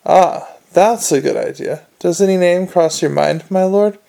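A man voicing a smooth, scheming male aristocrat who speaks in a polished, wheedling way. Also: high voice, unhurried, warm tone.

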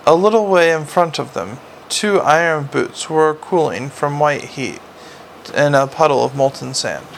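A man's voice: a little high, unhurried, vocal fry, slight background noise. A man narrating a fantasy story aloud, often stumbling and restarting words. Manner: reads with frequent slips and restarts. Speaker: audiobook narrator. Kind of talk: audiobook narration.

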